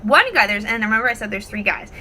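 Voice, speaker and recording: A woman vlogging at home, talking casually to the camera and telling stories in an expressive, animated way. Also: medium pitch, fast, slight background noise, poor audio. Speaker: wellness vlogger. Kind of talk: casual talk to camera with storytelling.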